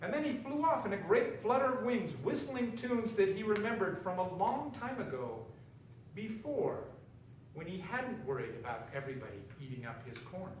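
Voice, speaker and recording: Man storyteller, animated read-aloud, distant in an echoey room. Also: high-pitched, slight background noise. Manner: expressive, slows for effect. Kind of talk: reading a children's story aloud. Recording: roomy echo, distant mic, faint ambience.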